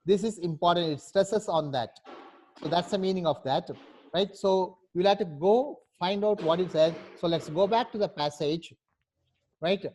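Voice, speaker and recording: A man's voice: high-pitched, normal speed, darkish tone, a little hiss or hum. A man teaching a class, explaining step by step and often checking with "right?". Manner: patient, repeats "right?" to check understanding. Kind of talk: online class instruction.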